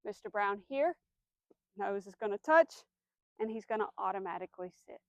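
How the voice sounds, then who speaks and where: A woman dog trainer giving a demonstration outdoors, explaining steps clearly, giving firm commands and soft praise to the dog. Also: medium pitch, lively intonation, moderate pace, no echo.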